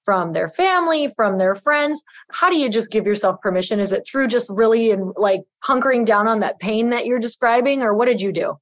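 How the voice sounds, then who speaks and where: A woman's voice: fairly high pitch, lively intonation, brisk, no echo. Inquisitive woman co-host, dry sound. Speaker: podcast co-host. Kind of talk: interview questions.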